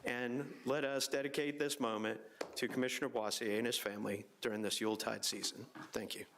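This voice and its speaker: A man chairing a public meeting, reciting a scripture passage in a measured, solemn way. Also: mid-range voice, level tone, gravelly, background noise.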